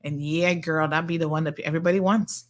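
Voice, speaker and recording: A woman's voice: low-pitched, fairly even intonation, fast. Chatty woman hosting radio. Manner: chatty, playful, reads out listener messages. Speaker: radio show host. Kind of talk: casual chat with listeners. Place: radio studio.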